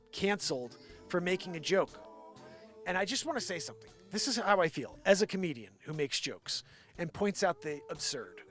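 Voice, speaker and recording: A man hosting a live stream, chatting and ranting in an excitable, profane way. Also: high voice. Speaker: live show host. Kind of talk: live stream chat and rant. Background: faint background music.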